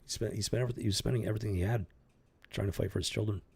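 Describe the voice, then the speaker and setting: A man with a deep, gravelly voice talks through a story in casual commentary. His tone is husky, and he circles back on his words, restarting phrases as he presses his point. He comes across earnest and unscripted. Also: steady tone, racing, a little mellow. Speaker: channel host commenting on a news story.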